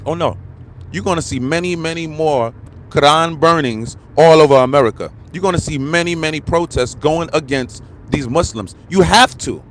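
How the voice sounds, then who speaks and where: A man's voice: fairly high pitch, normal speed. A man commentating on a live stream in a heated, repetitive rant, peppered with slang and calls of "bro.". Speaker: online commentator.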